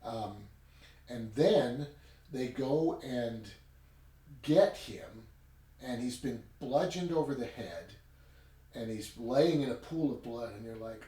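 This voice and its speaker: A man reviewing a book in a casual chat, retelling it in an animated way with chatty asides. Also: medium pitch, slow pace, pauses often. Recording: roomy sound from a distant mic with faint ambience.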